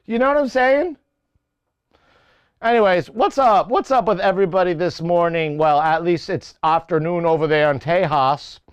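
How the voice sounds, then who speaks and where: A man's voice: a little high, clear, resonant tone, dry recording, muffled recording. A man hosting a casual livestream and talking through audio settings in his home music studio. He rambles and corrects himself as he thinks aloud on a lapel mic. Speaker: livestream host. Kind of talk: casual technical chat. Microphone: lavalier mic.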